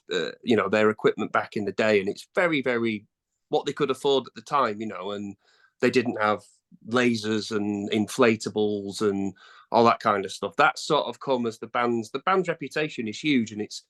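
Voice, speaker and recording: A man's voice: on the low side, fairly bright tone. A middle-aged man, a band's singer, answering interview questions in a rambling, chatty way with many fillers and restarts. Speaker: singer in a tribute band, interview guest.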